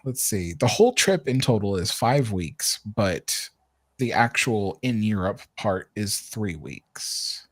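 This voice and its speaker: A chatty man with a lively voice that swings up and down as he talks. He laughs often, and his voice sounds dry and close, with no room echo. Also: fairly low pitch, takes it slowly. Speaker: show regular. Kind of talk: casual group chat.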